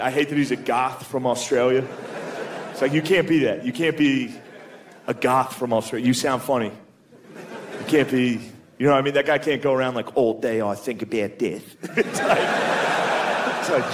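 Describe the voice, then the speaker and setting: A man in his thirties doing a stand-up comedy set, telling loose, profane, self-mocking stories on a comedy club stage. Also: mid-range voice. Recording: live club set with crowd noise. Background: audience laughter.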